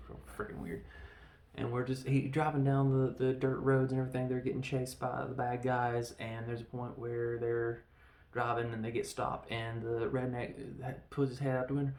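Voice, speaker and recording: Male podcast host, gravelly and loose, self-mocking humor, roomy echo. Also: mid-range voice, level tone, normal speed, a little mellow. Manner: joking, self-deprecating, loose. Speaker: podcast host reviewing a film. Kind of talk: casual rambling film review.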